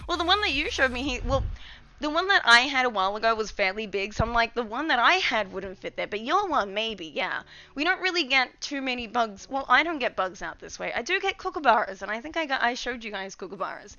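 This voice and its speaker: A woman's voice: on the high side, expressive, a little fast, pushed and bright, faint music behind. A young woman chatting to her stream viewers from her home kitchen, scatterbrained and a little out of breath. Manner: scatterbrained and chatty, talking to chat. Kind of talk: casual live-stream chat.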